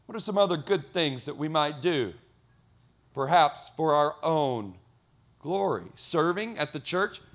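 Middle-aged male pastor, lively sermon delivery with acted-out voices, slightly high-pitched. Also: a little slow. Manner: lively, acts out quoted voices.

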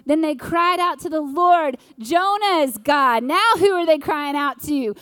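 A woman preaching an earnest sermon with dramatic pauses. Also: high voice, lively intonation, fairly bright tone, dry recording, studio quality.

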